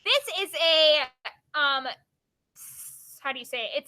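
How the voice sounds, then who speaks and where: Bright, high-voiced woman teacher reading aloud. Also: slow pace. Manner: expressive read-aloud with questions to students. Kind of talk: reading a book aloud to a class.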